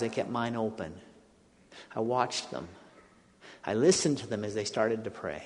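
A man preaching, telling a personal story in an animated way that rises to excited quotes. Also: medium pitch. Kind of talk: sermon storytelling. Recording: long hall reverb.

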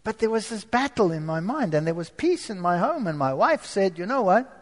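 A man giving a dramatic testimony to an audience, moving from quiet asides to forceful outbursts. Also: high-pitched, sing-song, normal speed, big-room sound. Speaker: former professor giving a testimony.

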